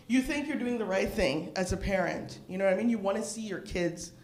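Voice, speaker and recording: A middle-aged woman doing a stand-up comedy set, profane and animated, laughing at her own jokes. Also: mid-range voice, normal speed, reverberant. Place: bar open mic stage.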